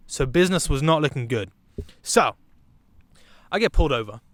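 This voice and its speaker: A young British man telling a comic storytime vlog, animated, with sudden loud bursts. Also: medium pitch, normal speed. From Britain. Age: young adult. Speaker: vlogger.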